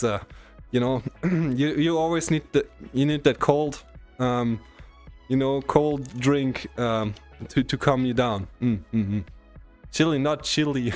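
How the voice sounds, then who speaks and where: A man with a German accent, a streamer chatting casually and teasingly with his viewers, stammering and restarting often, his voice a little worn. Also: medium pitch. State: strained voice. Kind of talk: casual live-stream chat.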